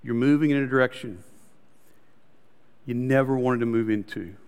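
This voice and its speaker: A male pastor preaching a story-driven sermon, calling the congregation "guys" and dropping to soft, intimate tones. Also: mid-range voice, normal speed, clear, resonant tone, in a large hall.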